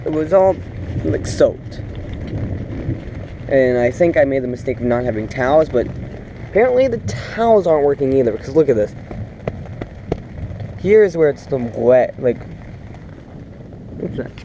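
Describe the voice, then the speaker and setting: Male vlogger, unhurried and chatty with lots of fillers, talking to the camera and his dog from a small tent. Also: medium pitch, lively intonation, dark tone, a little hiss or hum, rough recording. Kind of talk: casual self-filmed vlog. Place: small tent outdoors in heavy rain. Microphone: camera on a tripod. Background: rain.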